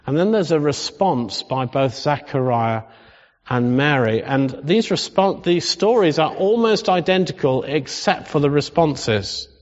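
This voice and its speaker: A man's voice: fairly high pitch, measured pace. Man preaching in a reverberant hall. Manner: conversational, rising into animated emphasis. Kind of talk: sermon. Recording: dull sound with long hall reverb.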